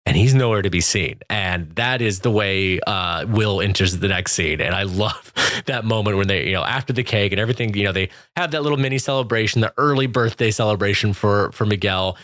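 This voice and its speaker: A man's voice: lowish voice, brisk, hardly any pauses, fairly bright tone, no room sound, studio quality. A man co-hosting a podcast, casually walking through film scenes in detail and laughing along with his co-host.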